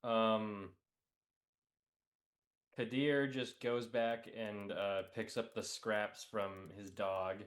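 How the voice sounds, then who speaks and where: A man's voice: lowish voice, little pitch movement, drawn-out words, long pauses. A man playing a tabletop role-playing game, describing his character with a hesitant, filler-heavy delivery. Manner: hesitant, many ums and likes. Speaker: player.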